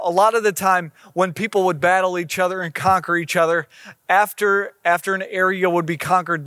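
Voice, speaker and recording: A man's voice: sits high, sharp tone, no echo, clean studio sound. A man preaching a sermon in a conversational way, reading scripture aloud and explaining it. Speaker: pastor.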